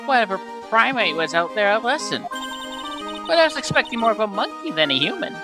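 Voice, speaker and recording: A woman's voice: on the high side, sing-song, brisk, pitched above the performer's own voice. Woman reading as a sheltered young circus girl. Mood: innocent. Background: game music.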